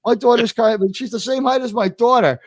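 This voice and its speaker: High-voiced male host, dry close mic, sarcastic and profane livestream commentary. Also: fairly quick, no room sound. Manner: animated, sarcastic ranting with swearing. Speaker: show host. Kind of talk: livestream watch-party commentary.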